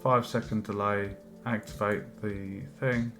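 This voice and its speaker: A man streaming his game development work, thinking aloud with many pauses and fillers, and chatting with viewers. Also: lowish voice, fairly even intonation, a bit bright. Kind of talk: casual live-stream commentary while working. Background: faint music and keyboard typing.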